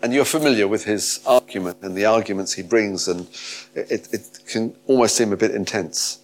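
A man's voice: fairly low pitch, moderate pace. A man preaching a sermon, reading scripture and expounding it with emphatic, rising delivery. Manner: emphatic, rising to animated peaks.

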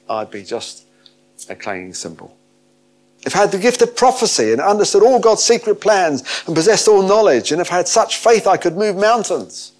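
A man preaching a sermon, reading scripture and expounding it with emphatic, rising delivery. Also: mid-range voice. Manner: emphatic, rising to animated peaks.

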